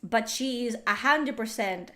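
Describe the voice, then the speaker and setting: A young woman chatting casually on a livestream, animated and swearing often, with lots of "like" fillers. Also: a little high, measured pace. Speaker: streamer.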